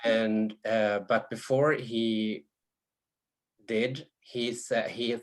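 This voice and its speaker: A man from Sweden, an author, speaking softly and hesitantly with many restarts on a video call panel. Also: lowish voice, level tone, drawn-out words.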